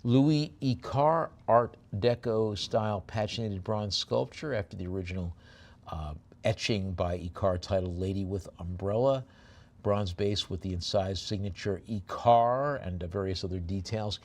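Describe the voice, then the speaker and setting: A man working as an auctioneer. He describes each lot slowly, with many fillers, then chants the bids in quick runs. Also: fairly low pitch, a little mellow. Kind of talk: live auction bid calling.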